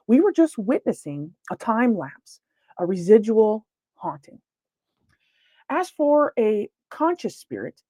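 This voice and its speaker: On a video call via her computer mic, a woman who investigates the paranormal gives a casual virtual lecture full of fillers and restarts. Her voice is mid-range and a little mellow, without any room sound.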